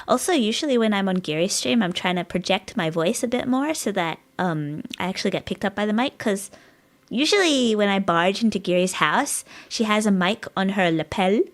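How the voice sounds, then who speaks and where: A woman streaming live, rambling in casual chat with her viewers and giggling often, her voice a bit strained. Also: mid-range voice. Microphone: dynamic studio mic.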